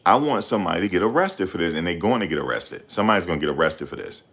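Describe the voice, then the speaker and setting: Deep low voice, man, middle-aged, angry profane rant, channel host. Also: animated, very fast. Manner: loud, confrontational, profane. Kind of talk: ranting livestream commentary.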